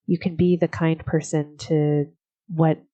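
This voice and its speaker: Low, mellow-voiced woman podcaster. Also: level tone, measured pace, muffled recording. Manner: warm, gently encouraging, laughs often. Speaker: podcast host. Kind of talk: reflective solo podcast talk.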